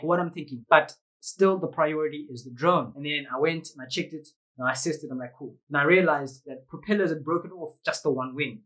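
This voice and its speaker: This South African vlogger's voice is a little high, and the recording is low in quality. He narrates a story to the camera with animated energy, using plenty of slang, sound effects and voices for the people he quotes.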